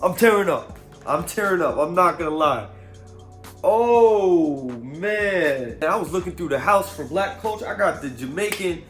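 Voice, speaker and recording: A man with a fairly high voice hosts a comedic movie review vlog. He talks in an animated, profane way and keeps breaking into quick skits. Faint music plays behind him.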